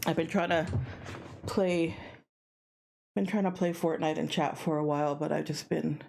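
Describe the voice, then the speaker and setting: A tired woman streaming a video game from home, chatting casually and rambling between bursts of excited yelling. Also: deep voice, moderate pace, gravelly. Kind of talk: casual gaming stream chat.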